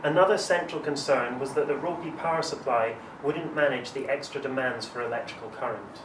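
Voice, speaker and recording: A man reading poems aloud at a live reading, with an animated, teasing delivery. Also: mid-range voice, brisk, background noise. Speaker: performing poet. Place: library reading room. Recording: echoey room, voice from far off.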